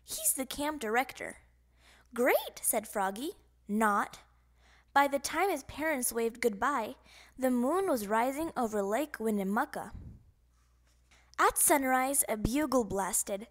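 Woman, children's audiobook reader, high animated delivery, slow pace. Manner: expressive, sound effects voiced. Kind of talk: children's storybook narration.

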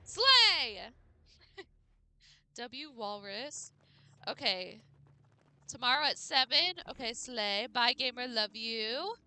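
A woman's voice: fairly high pitch, lively intonation, slow pace, bright, forceful tone, smooth. A young woman streaming a game late at night, chatting casually with viewers, bubbly and playful, tripping over names and laughing. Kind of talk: casual live-stream chat while gaming.

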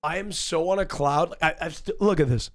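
Giddy, drunk man rambling in a higher voice. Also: normal speed, fairly bright tone, slight background noise. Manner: rambling, repeats himself, giddy. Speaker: podcast guest. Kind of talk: casual podcast chat.

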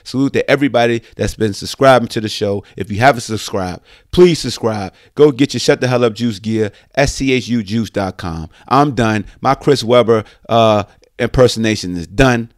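A man hosting a sports podcast, ranting in an animated, slangy way and speaking straight to his listeners. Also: medium pitch, no echo, studio quality. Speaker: podcast host. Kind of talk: casual sports podcast rant.

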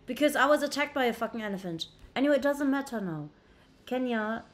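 A woman's voice: on the high side, expressive, a little fast. A woman livestreaming casually on a laptop mic, brash and profane, bickering with her chat. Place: indoors at a laptop.

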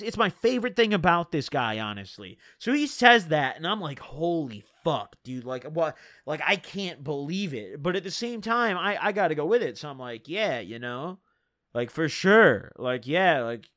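High-voiced young man telling a story. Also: fairly bright tone, no echo, clean studio sound. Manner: slangy, rambling, full of "dude" and "bro". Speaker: storyteller vlogger. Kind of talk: casual storytelling.

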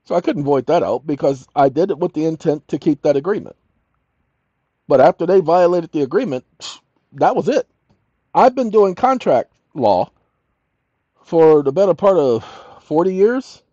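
A man's voice: fairly high pitch, expressive, normal speed, pauses often, warm tone, no room sound. An older man telling a story as a channel host, emphatic and repeating his key lines. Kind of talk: storytelling monologue. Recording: dull lo-fi audio.

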